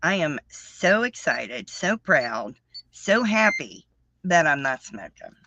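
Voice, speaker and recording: A woman in her fifties hosting a casual live chat, talking excitedly and repeating herself. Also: low-pitched, takes it slowly. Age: 50s. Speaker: livestream host. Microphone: livestream setup.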